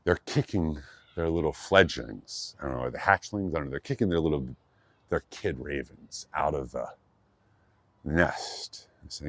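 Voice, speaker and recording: A man retells a fairy tale in a loose, jokey, rambling way, full of fillers and asides. His voice is extremely low. The recording is dry and close, with no room sound. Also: normal speed, no echo. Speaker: qigong teacher. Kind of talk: loose casual storytelling.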